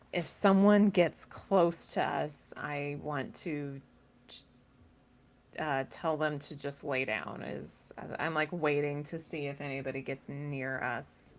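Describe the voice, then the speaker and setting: A woman's voice: deep voice, a little hiss or hum. A woman playing a tabletop game, describing her character's moves hesitantly and keeping her voice down. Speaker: player.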